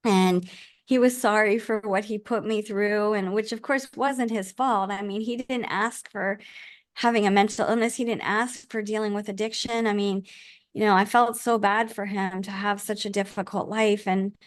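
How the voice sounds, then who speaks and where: A woman's voice: medium pitch, fairly even intonation, normal speed, dry recording, studio quality. A middle-aged woman guest speaking earnestly and from the heart in a casual interview, often restarting her sentences. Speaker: podcast guest, author and life coach.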